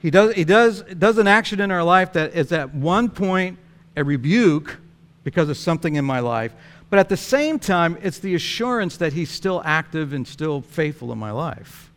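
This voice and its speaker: Speaking at a moderate pace, this pastor tells his sermon like a lively story, breaking into frequent chuckles. For a man, his voice sits on the higher side.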